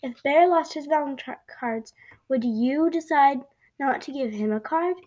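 A woman voicing a calm, wise male owl teacher in a storybook read-aloud, speaking gently. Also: high-pitched, a little slow. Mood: reassuring.

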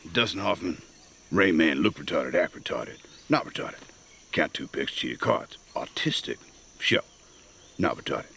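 A gruff sneering screen tough. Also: male voice, fairly bright tone, heavily acted. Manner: swaggering, sneering lecture with sudden drops to low gravel. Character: blunt, gruff adult male movie actor, lecturing. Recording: dull lo-fi film clip.

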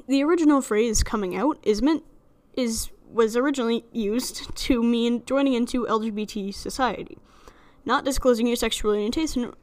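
Young woman w/ a lil lisp, pitched kinda high, rambly solo podcast host joking at herself. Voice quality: slight lisp. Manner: chatty, rambling, self-deprecating with frequent laughs. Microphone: studio microphone alone in a room.

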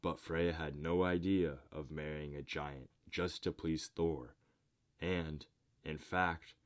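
A man narrating a myth in a measured, deliberate storybook reading. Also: rumbling low.

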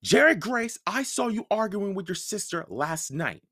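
A man's voice: high-pitched, big pitch swings, a little slow, fairly bright tone, voice pushed up, full character voice. A man reading a storybook aloud, voicing a stern mother who scolds sharply. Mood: stern angry.

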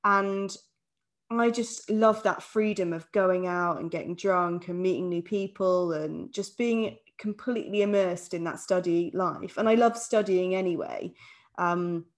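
Easygoing woman, low-pitched. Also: unhurried. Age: around 30. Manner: easygoing, steers the conversation with questions. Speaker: podcast co-host. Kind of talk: casual chat.

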